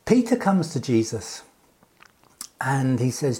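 A man preaching a sermon in a measured, unhurried way, pausing and restarting as he explains a scripture passage. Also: medium pitch, animated, warm tone.

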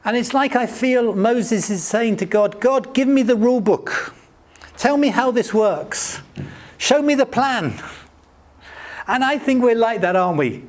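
A middle-aged man preaching a sermon in an earnest way, lifting his voice when he acts out quotes and dropping to a soft hush. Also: animated, unhurried. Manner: earnest, rises high acting out quotes, drops soft and hushed.

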